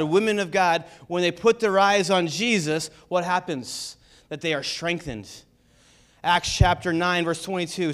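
High-voiced man preaching a sermon. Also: fairly bright tone, clean tone. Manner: preaching with rising intensity, rhetorical questions. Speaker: pastor. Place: church.

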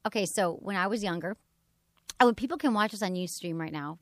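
A woman hosts a podcast in loose, chatty conversation, often laughing and letting sentences fade off softly. Her voice sits at a middling pitch for a woman. The recording is close and dry, with no room sound around her. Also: brisk, no room sound. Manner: chatty, laughing, trailing off quietly. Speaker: podcast host. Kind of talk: casual chat and sponsor reads.

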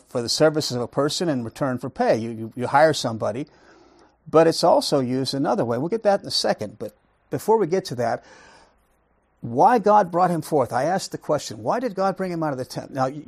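A man's voice: fairly high pitch, gravelly, husky, dry recording. A man leading a Bible study lesson, talking emphatically, asking rhetorical questions and repeating words for stress. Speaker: Bible teacher.

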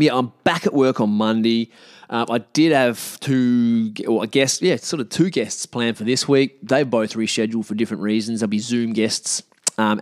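A man's voice: lowish voice, clear, resonant tone, no room sound, studio quality. An Australian man hosting his own podcast, chatting casually and frankly with lots of restarts. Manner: rambling, frank, many restarts and fillers. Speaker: podcast host. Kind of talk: casual solo podcast chat.

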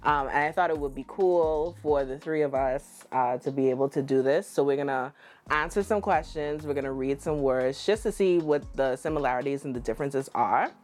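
A Bahamian woman with a low, full voice hosts a relaxed podcast. She teases her co-hosts in a playful, animated way. Faint music plays underneath. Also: moderate pace. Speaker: podcast host. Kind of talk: casual podcast chat.

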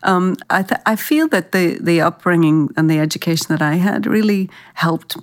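A woman's voice: fairly low pitch, normal speed. An Irish woman, an actress, telling career anecdotes in a thoughtful interview, often restarting her sentences. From Ireland. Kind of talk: reflective interview storytelling.

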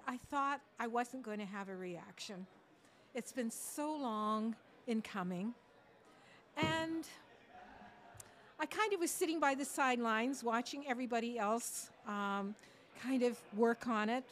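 A woman from Ontario, a guest on a podcast, speaks slowly and reflectively with a high voice. She recounts a personal story in a calm, conversational manner. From Ontario, Canada. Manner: slow, reflective. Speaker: guest, foundation co-founder. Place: sports bar studio.

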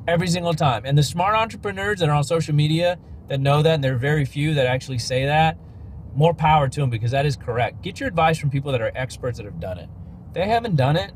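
A man's voice: on the high side, darkish tone, a little hiss or hum. A man hosting a podcast, giving a blunt, emphatic and slangy motivational rant. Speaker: podcast host.

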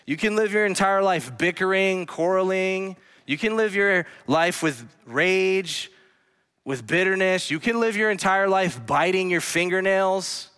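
A man pastor preaching a sermon in a church, earnestly swinging between hushed lines and emphatic ones. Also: high-pitched, unhurried, smooth. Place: church sanctuary. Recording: long hall reverb.

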